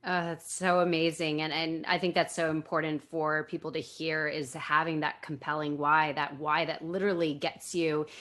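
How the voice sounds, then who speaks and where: Woman host, a bit low-pitched, eager and affirming, asks thoughtful questions. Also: little pitch movement, moderate pace, hardly any pauses, a bit bright. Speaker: podcast host. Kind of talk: casual interview chat.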